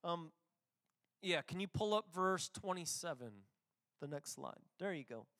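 A pastor preaching a casual, conversational sermon, with restarts and quick asides. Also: male voice, fairly high pitch, animated, bright, forceful tone.

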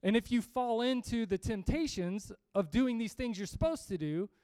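Male preacher, high and clear voice, emphatic and lively sermon delivery, dry sound. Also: normal speed, no room sound. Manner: energetic, emphatic, with restarts and humor.

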